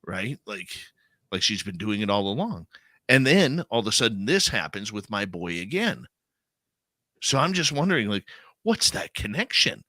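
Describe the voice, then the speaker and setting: A male radio host with a bright, forceful voice that swings widely in pitch. He talks in an animated, emphatic way, full of fillers. The sound is dry and close-miked. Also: normal speed, dry recording. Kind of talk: conversational interview talk.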